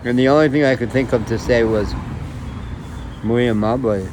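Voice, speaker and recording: A man's voice: mid-range voice, quick pace, darkish tone, a little hiss or hum. An older man with a cold, rambling and chuckling as he talks to the camera outdoors near a city park. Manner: rambling, chuckling often, self-deprecating. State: has a cold, coughing. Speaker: travel vlogger. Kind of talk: casual self-filmed monologue.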